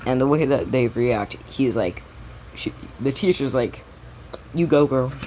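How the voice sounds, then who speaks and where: A man's voice: medium pitch, animated, measured pace, a little mellow, slight background noise, low-quality recording. Rambling man retelling a story casually. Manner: rambling, many restarts, swears casually.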